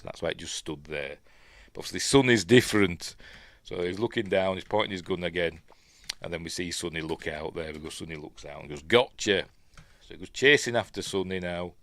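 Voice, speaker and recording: Low-voiced Yorkshire man, dry close sound, chatty film-review commentary, rambling delivery full of ums and asides. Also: no echo. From Yorkshire, England. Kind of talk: casual commentary talking over a film as it plays.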